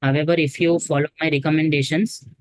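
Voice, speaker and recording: A man's voice: a little high, flat delivery, fast, no echo, rough recording. Hesitant formal male doctor. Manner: hesitant, formal, many fillers. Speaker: doctor candidate in practice exam. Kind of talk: medical role-play.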